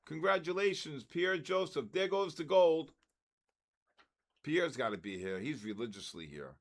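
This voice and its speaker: A man's voice: a little high, lively intonation, measured pace. An older man hosting a live trading stream, reading out usernames and calling them in the style of an auctioneer. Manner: auctioneer-style calls, loud shouts of "next".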